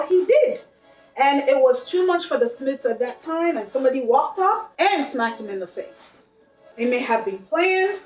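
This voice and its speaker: Blunt, heated woman with a high voice. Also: roomy sound, distant mic, rough recording. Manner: blunt, heated and profane, mocking others in quoted voices. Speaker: vlogger. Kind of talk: impassioned monologue to camera.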